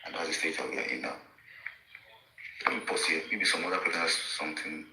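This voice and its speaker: A man hosting an online discussion, speaking deliberately and repeating words as he builds a point. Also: sits low, steady tone, bright, forceful tone. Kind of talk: measured commentary. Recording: echoey with faint noise.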